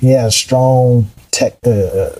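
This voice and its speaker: A middle-aged man telling his career story in a casual, animated way, acting out the voices of people he quotes. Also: medium pitch, takes it slowly, rough recording. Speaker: guest.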